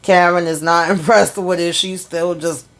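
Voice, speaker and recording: A woman's voice: lowish voice, steady tone, normal speed. A woman hosting a casual TV episode recap in a chatty way, acting out the characters' lines as she retells them. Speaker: TV recap host.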